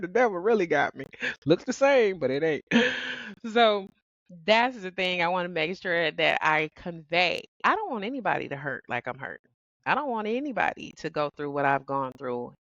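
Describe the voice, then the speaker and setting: Woman hosting a reflective podcast, low-pitched and expressive, dry and muffled sound. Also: no room sound. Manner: expressive, laughs often, calls listeners "baby". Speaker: podcast host. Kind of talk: personal reflective monologue.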